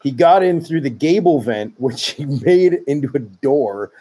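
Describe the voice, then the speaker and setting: A man hosting a podcast, reading out listener-submitted stories with relaxed asides. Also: a little high, measured pace. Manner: relaxed, reads aloud with asides. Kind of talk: casual podcast storytelling.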